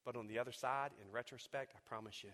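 Bright-voiced man preaching in a hall. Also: fairly even intonation, fast talker. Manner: swings from hushed low talk to loud preaching peaks; repeats and restarts words when fired up. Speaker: pastor. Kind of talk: sermon. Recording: long reverb of a large hall.

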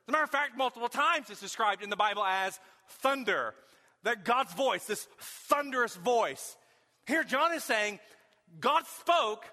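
A man preaching a sermon in a high, bright voice. He swings from folksy storytelling to emphatic, shouted questions. His voice rings out with a long reverb, as if he were in a large hall. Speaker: pastor.

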